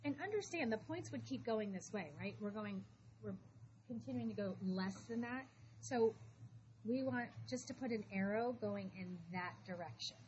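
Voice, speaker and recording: A woman teaching math to a high school class, talking briskly and calling students back to attention. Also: lively intonation, darkish tone. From Florida. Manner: brisk, shushing, calls for attention. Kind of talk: classroom lesson. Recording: dull classroom recording with noise.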